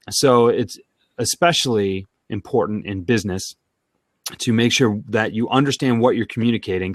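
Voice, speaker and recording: A man co-hosting a sales talk show, chatting casually in an animated way and thinking out loud. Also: lowish voice, no echo, clean studio sound. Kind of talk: casual conversational chat.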